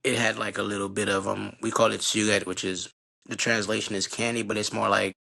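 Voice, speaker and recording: Middle-aged haitian-born guy, lowish gravelly voice, loose slangy storytelling. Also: flat delivery, a little fast, bright, forceful tone. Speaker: guest. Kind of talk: casual storytelling conversation.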